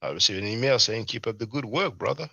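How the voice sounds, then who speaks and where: A man hosting a livestream, commenting casually and talking in a halting way with many fillers and restarts. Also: lowish voice, expressive, gravelly, sharp tone, dry recording, highs cut off. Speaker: livestream host.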